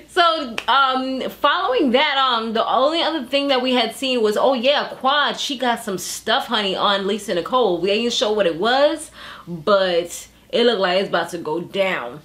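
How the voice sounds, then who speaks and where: A woman's voice: a little high, expressive, a little slow, a bit bright. A woman chatting casually about a reality show, laughing often and using slang. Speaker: reality TV recap vlogger. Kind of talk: casual chat.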